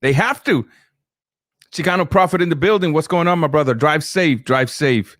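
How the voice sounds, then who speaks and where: A man's voice: on the high side, moderate pace, a bit bright, no room sound, clean studio sound. A man hosting a casual live stream, reacting to boxing and chatting with viewers as he reads their comments.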